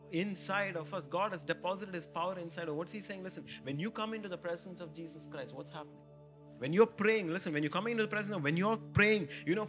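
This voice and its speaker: Male pastor, slightly high pitch, emphatic sermon delivery with rhetorical questions, faint music bed. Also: a bit bright. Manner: calls out to the congregation.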